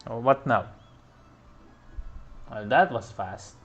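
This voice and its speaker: A man's voice: mid-range voice, slow pace, lo-fi sound. Chatty man playing a game. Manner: relaxed, chatty, laughs often. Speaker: gaming podcast host. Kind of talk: casual game play-through commentary.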